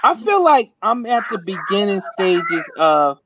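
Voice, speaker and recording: A man hosting a casual live-stream interview, talking in an excited, slangy way. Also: sits high, measured pace. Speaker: host. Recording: dull audio with loud noise.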